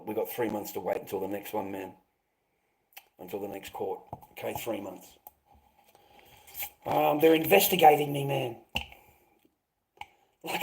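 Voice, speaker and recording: A man's voice: fairly low pitch, gravelly, low-quality recording. A middle-aged man ranting on a casual livestream, swearing a lot, his voice climbing when he gets worked up. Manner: agitated, swearing, voice rising when upset.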